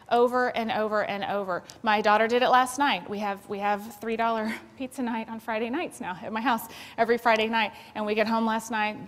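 A woman's voice: a little high, in a large hall. A woman who is a school administrator, giving a conversational parenting seminar and acting out examples for the audience. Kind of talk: seminar talk. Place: seminar hall.

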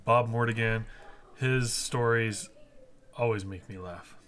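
A man's voice: medium pitch, takes it slowly, fairly bright tone, slight background noise. A man streaming a video game, chatting casually in rambling explanations full of fillers. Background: game music.

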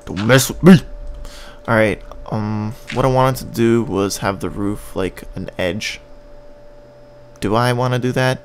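A gaming channel host, a man with a Canadian accent, rambles and jokes his way through casual gameplay commentary, humming and scatting bits of tunes at times. His lowish voice holds a steady tone and moves a little slowly, with slight background noise.

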